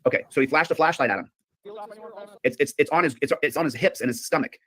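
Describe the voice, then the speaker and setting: A man streaming video commentary, rambling quickly and greeting viewers mid-thought. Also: fairly high pitch, very noisy. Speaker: streamer in a played clip.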